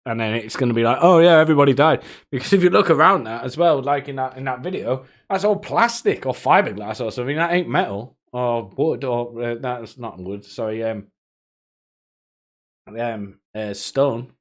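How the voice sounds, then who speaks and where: A man's voice: mid-range voice, animated, normal speed, a bit bright. A man streaming live, chatting casually with viewers in a rambling, profane way, often laughing to himself.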